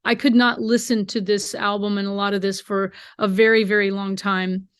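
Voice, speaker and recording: In a remote interview, this bluegrass singer from the United States, a middle-aged woman, shares emotional stories from the heart and voices the words of others. Her medium-pitched delivery is smooth and moderately paced, with little pitch movement, on a dry, studio-quality recording.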